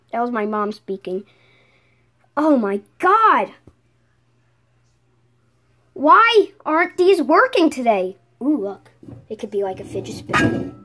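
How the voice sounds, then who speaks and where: A woman's voice: fairly high pitch, fairly bright tone. A young woman making a casual home vlog, breaking into exasperated outbursts of disbelief. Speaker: vlogger.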